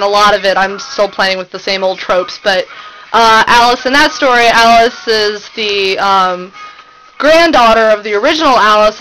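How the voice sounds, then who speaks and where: A young woman talking to her webcam at home in an excited, gushing, rambling fangirl vlog. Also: a little high, slight background noise, low-quality recording. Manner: gushing, breathless, rambling with fillers. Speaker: vlogger. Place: home room.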